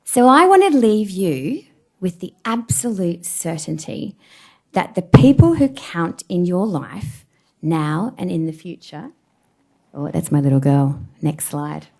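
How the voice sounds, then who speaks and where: A woman's voice: lowish voice, a little slow, vocal fry. A woman in her forties giving a public talk from a stage, telling self-deprecating personal stories with plenty of laughter. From Australia. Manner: animated storyteller, self-deprecating, laughs often. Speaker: keynote speaker.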